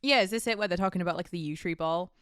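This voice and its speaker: A woman's voice: lowish voice, racing, a bit bright, clear, resonant tone, no echo, studio quality. A woman co-hosting a podcast in a casual, rambling chat, laughing often. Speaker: podcast co-host.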